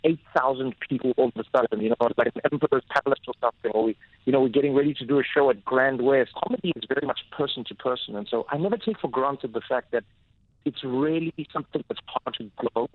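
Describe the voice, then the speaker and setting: A man with a South African accent, a comedian talking as a guest in a radio interview and telling animated stories. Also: medium pitch, quick pace, dry recording. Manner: lively storyteller, animated. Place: radio studio. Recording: dull, dry radio studio sound.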